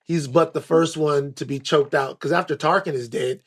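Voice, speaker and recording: A man co-hosting a movie podcast, explaining his points at length with excitement. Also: fairly high pitch, moderate pace, breathy edge. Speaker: podcast co-host. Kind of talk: casual movie podcast chat.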